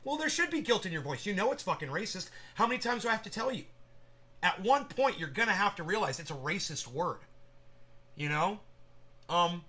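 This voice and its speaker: A man's voice: high-pitched, big pitch swings, fairly quick, pushed and bright. A man hosting a casual livestream, rambling and swearing as he talks straight to viewers in chat. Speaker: livestream host.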